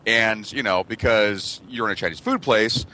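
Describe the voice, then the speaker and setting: A man's voice: lowish voice, moderate pace. A man telling profane childhood stories in a casual podcast chat. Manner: profane, animated storyteller. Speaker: podcast co-host.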